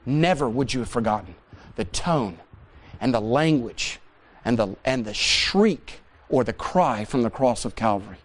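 A man preaching a sermon in a church, swinging from loud, emphatic peaks down to quiet, hushed asides. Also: medium pitch, animated, a little slow.

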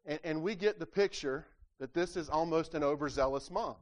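Animated preacher, higher-pitched man. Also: fairly quick. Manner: asks the congregation rhetorical questions; acts out quoted voices from scripture. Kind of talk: sermon.

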